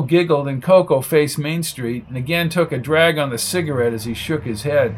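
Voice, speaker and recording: A man narrating a detective story in an audiobook, reading with lively expression. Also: a little high, a little fast, hardly any pauses.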